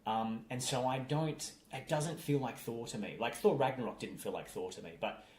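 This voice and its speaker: A man's voice: mid-range voice, moderate pace, darkish tone. A man co-hosting a casual film review podcast, talking it through animatedly and mimicking lines in mocking voices. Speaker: podcast co-host. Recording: roomy echo with faint background hum.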